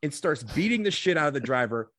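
A man telling a comedic personal anecdote, animated, swearing casually and acting out what people said. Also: on the high side, fast.

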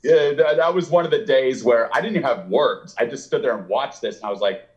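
A man's voice: medium pitch, brisk, muffled recording. A man speaking as an author guest in a casual interview, telling a long, rambling story and acting out what people said. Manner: rambling, animated, acts out quotes with laughs.

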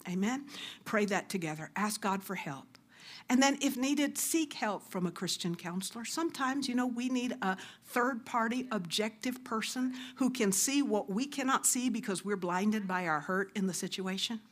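A middle-aged woman preaching a sermon, earnest and exhorting, sometimes dropping to a hushed near-whisper. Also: mid-range voice, moderate pace. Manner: earnest, exhorting, drops to soft hushed asides.

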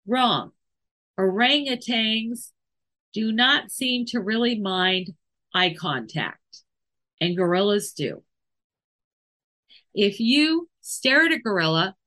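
A woman hosting a podcast about animal training talks slowly and carefully through her points. Her voice has a bright, clear edge, and she explains her ideas with examples, sometimes restarting a phrase. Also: on the high side. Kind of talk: casual explanatory podcast talk.

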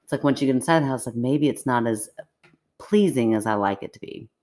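A low-pitched woman co-hosts a podcast in easy, casual conversation. She is playful and chatty and laughs often. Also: fairly quick, mellow. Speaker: podcast co-host. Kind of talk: casual chat.

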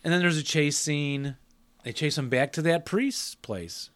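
A man's voice: fairly high pitch, a little slow, a bit bright. Chatty middle-aged man recapping a film. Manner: chatty, laughs often, acts out movie lines. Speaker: podcast co-host. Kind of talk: casual film discussion.

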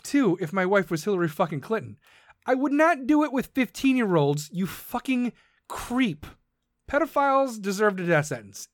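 A man's voice: extremely high pitch, fairly bright tone, dry recording, studio quality. A man hosting a podcast, ranting in a profane, combative and sarcastic way. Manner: mocks others in put-on voices. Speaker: podcast host. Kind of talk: ranting monologue.

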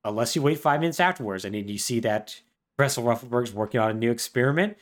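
On a podcast he co-hosts, a man animatedly recounts a game's storyline in a casual manner. His pitch stays lively, and he drops into short character voices along the way.

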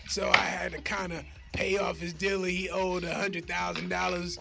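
A man's voice: sits high, level tone, moderate pace, vocal fry, loud music behind the voice. A man doing a brash boastful superhero guy. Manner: brash, boastful, streetwise slang. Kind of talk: comedic radio bit.

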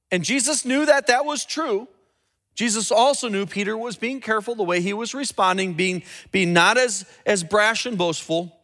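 A man preaching a sermon as a pastor, teaching earnestly and dropping low and slow when he quotes scripture. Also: a bit bright. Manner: repeats and restarts words when building a point.

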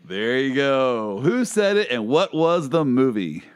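A man hosts in a mid-range voice whose pitch swings up and down with animation as he talks. He tells his stories with energy and laughs often along the way. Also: very animated, measured pace, smooth. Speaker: host, lawyer. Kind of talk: casual chat and anecdote.

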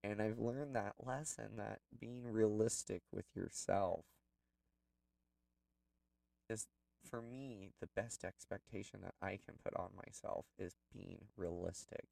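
A man's voice: fairly low pitch, measured pace, gravelly, mellow, no echo, far from the mic, low-quality recording. A man telling a personal story in a candid, rambling way, with plenty of fillers. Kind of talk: personal reflective monologue.

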